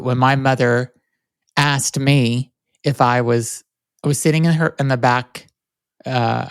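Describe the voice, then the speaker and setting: A man's voice: medium pitch, clean tone, dry recording, clean studio sound. A man hosting a podcast, chatting casually, telling stories and giving lots of affirming replies. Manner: chatty, storytelling, frequent affirming fillers. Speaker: podcast host. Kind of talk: casual interview conversation.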